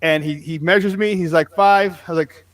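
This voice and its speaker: A man in his forties with a fairly high voice, co-hosting a sports podcast in a loose, chatty way. He tells lively stories, mimics the people in them and swears without restraint. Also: quick pace, no room sound. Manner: animated storyteller, acts out quotes, swears freely. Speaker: podcast co-host, former player and coach. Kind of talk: casual sports chat.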